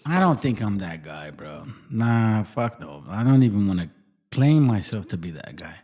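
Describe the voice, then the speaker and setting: A man hosting a casual livestream chat, rambling, swearing freely and trailing off into quiet mutters. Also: lowish voice, sing-song, normal speed. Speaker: livestream host.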